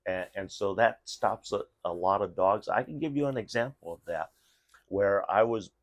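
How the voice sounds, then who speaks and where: A middle-aged man with a notably deep, low voice tells a story in a loose, casual way. He restarts often and fills his pauses with "uh," sounding unscripted and conversational. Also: no room sound. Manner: rambling, many restarts and fillers. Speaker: vlogger giving dog safety tips.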